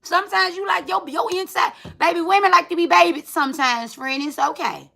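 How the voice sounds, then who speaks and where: A woman's voice: very high voice, fairly quick, vocal fry, pushed and bright. A woman giving a tarot reading in casual, chatty talk, swearing freely and calling the viewer friend. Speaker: tarot reader.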